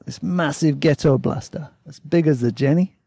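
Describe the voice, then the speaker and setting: A man's voice: on the high side, moderate pace, gravelly, dark tone, slightly rough, no room sound, clean studio sound. A man telling a story in a casual, blunt way, swearing freely.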